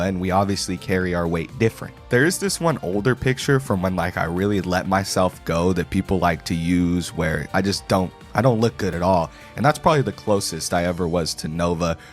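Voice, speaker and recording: A man with a very low voice talks casually about himself in a played clip. He rambles and restarts his sentences, and he is self-deprecating. Faint music sits behind him. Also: brisk, few pauses. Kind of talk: casual explanation.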